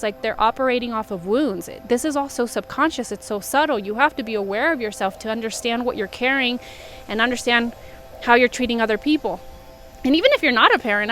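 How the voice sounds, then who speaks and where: A woman's voice: a little high, a bit bright. A young woman talking candidly and reflectively about her own life, rambling a little with fillers. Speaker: vlogger and coach. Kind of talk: personal confessional talk.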